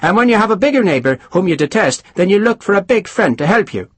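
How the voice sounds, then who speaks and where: A man's voice: sits high, big pitch swings, fast talker, slightly rough, dry recording, pitched above the performer's own voice, full character voice. A man doing a wry engineer captain. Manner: wry, explanatory. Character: witty, worldly Irish engineer captain, middle-aged. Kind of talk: audiobook character voice.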